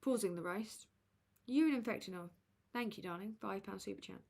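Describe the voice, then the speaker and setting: A woman's voice: mid-range voice, fairly quick, vocal fry, darkish tone. A woman hosting a casual livestream and reading out super chats, crude and sardonic as she roasts people. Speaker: livestream host.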